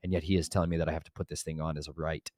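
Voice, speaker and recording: A young man with a very low voice rattles off a story at high speed, acting out both sides of a conversation. He turns emphatic and preachy when he talks about scripture. The sound is dry and close. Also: no room sound. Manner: fast, animated storytelling with quoted dialogue. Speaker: vlogger and author. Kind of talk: casual storytelling vlog.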